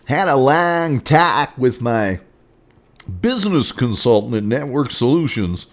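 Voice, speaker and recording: A man's voice: lowish voice, sing-song, unhurried, vocal fry, pauses often. A man hosting a casual sports show, rambling through scores with sarcastic asides. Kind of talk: casual sports commentary and rants.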